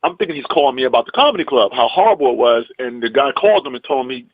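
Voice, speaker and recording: Animated man telling a story with swooping pitch. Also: racing, no echo, lo-fi sound. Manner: lively, emphatic, acts out the people in his stories. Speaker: comedian and actor guest.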